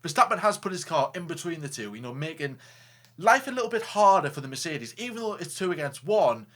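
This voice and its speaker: A man co-hosting a casual racing talk show, joking, animated and stumbling over restarts. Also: fairly high pitch, a little fast. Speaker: co-host. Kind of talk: casual chat.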